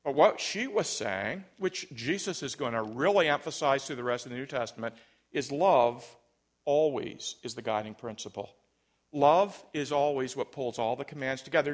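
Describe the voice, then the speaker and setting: A man, a pastor, preaching an emphatic sermon and telling stories. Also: on the high side. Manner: emphatic, storytelling, big swings in loudness.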